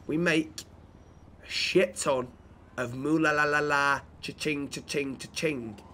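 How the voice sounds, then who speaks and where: A British man with a fairly high voice talks in character in a role-play game. He pitches ideas eagerly and trips over his words as he goes. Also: steady tone, slow pace, bright, forceful tone, a little hiss or hum.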